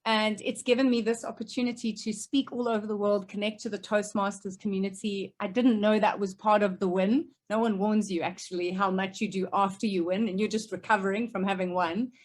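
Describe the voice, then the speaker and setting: A woman who speaks professionally, answering questions over a video call with emphatic, crisp points. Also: medium pitch, steady tone, fairly quick, few pauses. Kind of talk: remote Q&A answers. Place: home office, remote.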